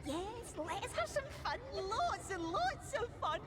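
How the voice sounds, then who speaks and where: A man's voice: extremely high pitch, big pitch swings, unhurried, over loud music, a loud crowd, pitched above the performer's own voice, heavily acted. A man voicing a mischievous fairy pixie in a game, coaxing and drawn out in a sing-song way. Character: mischievous teasing fairy pixie, tiny and sly.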